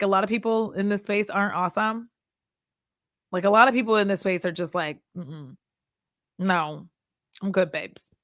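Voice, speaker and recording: Blunt, animated woman chatting casually. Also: medium pitch, no room sound, studio quality. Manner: animated, blunt, swears freely, laughs often. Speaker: beauty content creator turned chat vlogger. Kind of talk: casual chat vlog while doing makeup.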